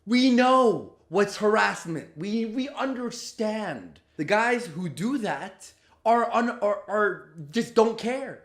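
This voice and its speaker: A man with a high voice rants through a reaction commentary, exasperated and profane. He mocks what he hears. The room around him rings with echo. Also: expressive, takes it slowly. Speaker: commentary host. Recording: roomy echo.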